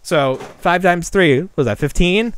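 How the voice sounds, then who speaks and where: A man's voice: high voice, a little slow, clean tone. A man co-hosting a podcast, chatting casually and rambling, with lots of fillers and laughs. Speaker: podcast co-host. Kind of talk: casual chat.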